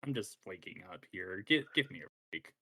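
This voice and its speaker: A man at a tabletop game with a lively, bright voice that rises and falls a lot. He talks in a laid-back, slightly mumbling way. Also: sits low, normal speed, husky, no room sound. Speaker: player. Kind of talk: casual chat at a game table.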